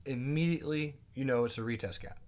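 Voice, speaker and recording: A man teaching a live day trading class, chatting casually, asking his viewers quick questions and reading out their comments. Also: medium pitch, darkish tone. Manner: asks quick questions to the audience.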